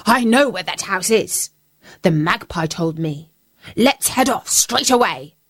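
A scruffy storybook mutt, hearty and cheerful, talking his friends round with bright, bouncy reasoning, as a woman puts him on. The voice rises and falls a lot, at an unhurried pace. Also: medium pitch, expressive. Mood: eager. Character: scruffy clever old mutt dog.

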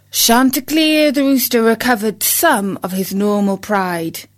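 A woman reading a fable aloud as the narrator, in a measured storybook style. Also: on the high side, fairly even intonation. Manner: slow, measured.

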